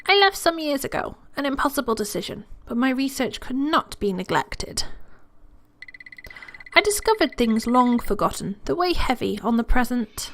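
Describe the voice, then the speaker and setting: A woman's voice: sits high, big pitch swings, normal speed, fairly bright tone, slight background noise, pitched above the performer's own voice, full character voice. Woman putting on a solemn old lady. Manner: grave storytelling, calls listener dear. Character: elderly woman, retired grand protector, solemn. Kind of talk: reading game dialogue aloud.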